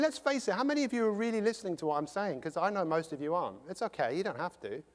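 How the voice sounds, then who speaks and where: A high-voiced English man works a live audience with a jokey, animated motivational talk. He slips into quick impressions as he goes. His voice rings out with a long reverb from the big hall. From England. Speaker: motivational speaker.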